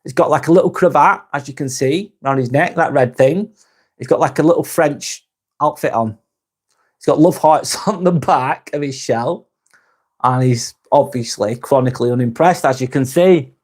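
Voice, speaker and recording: A British man hosting a live stream, chatting with viewers in a calm, relaxed, easygoing way. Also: mid-range voice, moderate pace. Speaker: live-stream host reading viewer comments. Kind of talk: casual live-stream chat.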